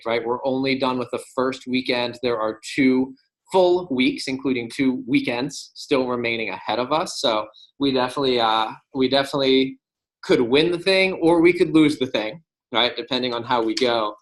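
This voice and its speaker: A man's voice: medium pitch, moderate pace, poor audio. Casual man leading a sales team meeting. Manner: casual, tags remarks with "right?"; encouraging, upbeat. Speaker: sales district manager. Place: meeting room with a whiteboard.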